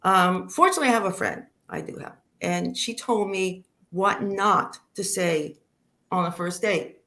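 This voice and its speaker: A woman doing a stand-up comedy routine over a video call, delivering one-liners with deadpan pauses. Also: lowish voice.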